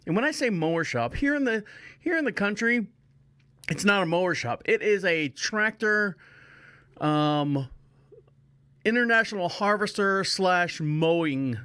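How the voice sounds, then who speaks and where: A man's voice: high voice, expressive, a little slow, long pauses, pushed and bright, clean tone, dry recording. A man hosting a podcast, telling a rambling casual story and often restarting his phrases. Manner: chatty, repeats himself, restarts phrases. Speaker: podcast host.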